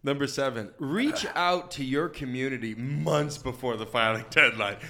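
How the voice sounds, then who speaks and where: A man's voice: medium pitch, animated, a little slow, pushed and bright. A man co-hosting a comedy podcast, reading out tips and joking with frequent laughs. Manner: joking, laughs often, reads tips aloud. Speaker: podcast co-host. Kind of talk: comedic casual chat.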